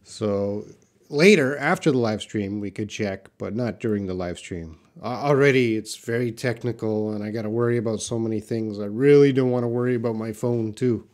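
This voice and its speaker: A man's voice: fairly low pitch, normal speed, darkish tone. A man from Canada with a Canadian accent, teaching a live-streamed English pronunciation lesson and replying to viewers by name. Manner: talks to chat viewers by name, explains patiently.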